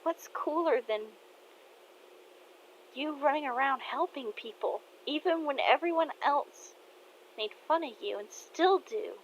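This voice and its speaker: An earnest young daughter pleads from the heart, as a woman puts her on in a voice pitched well above the narrator's own. She speaks slowly and gently, and the recording is muffled, with a faint hum behind. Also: animated. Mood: heartfelt.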